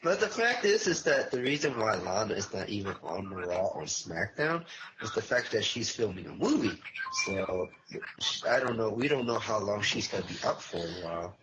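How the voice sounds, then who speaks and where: A man makes blunt, dismissive remarks during a casual podcast chat. His voice sits somewhat low, and clear background noise runs under it. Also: big pitch swings, normal speed. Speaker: wrestling show reviewer. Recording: noisy background.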